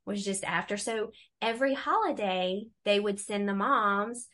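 A middle-aged woman telling her faith testimony in a relaxed conversation, animated and acting out the voices she quotes. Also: mid-range voice, unhurried. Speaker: guest.

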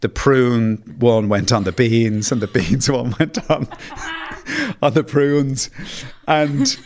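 A man's voice: mid-range voice, expressive, slow pace. A man, a podcast guest, telling comic anecdotes in a self-deprecating way, often stumbling and restarting his sentences. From Ireland. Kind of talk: anecdotal storytelling.

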